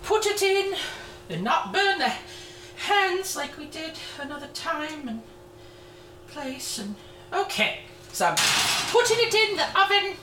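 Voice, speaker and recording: A cheerful, motherly Mrs. Claus, played by a woman, hosts a baking segment from the North Pole. She chats and rambles with cheeky asides, her high voice bouncing up and down in lively swoops. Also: unhurried, long pauses, noisy background, heavily acted. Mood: chatty. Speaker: show host in character. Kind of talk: in-character cooking segment.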